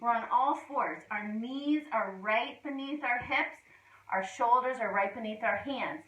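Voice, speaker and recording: A woman leads a children's gymnastics class with a fairly high, bright voice and cheerful, sing-song cues. Her voice carries through a roomy, echoing gym and is picked up from some distance away. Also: unhurried, dull audio. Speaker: gymnastics instructor. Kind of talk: demonstrating a kids' gymnastics class. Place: indoor gym.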